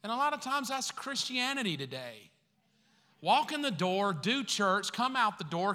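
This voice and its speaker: A man's voice: high-pitched, very animated, moderate pace, sharp tone. A man preaching a sermon as pastor, conversational and acting out the voices he quotes. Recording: long hall reverb.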